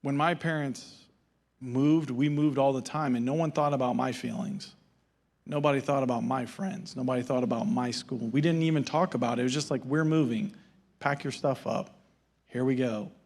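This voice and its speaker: A man's voice: mid-range voice, fairly even intonation, a little fast, darkish tone. A male pastor giving a sermon in a casual storytelling manner and acting out the dialogue.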